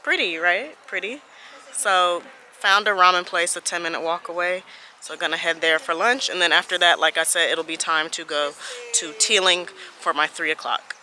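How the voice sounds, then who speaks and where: A woman's voice: on the low side, steady tone, moderate pace, bright, forceful tone, slight background noise. A woman travel vlogger talking in a casual, chatty, slangy way. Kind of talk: casual vlog chat.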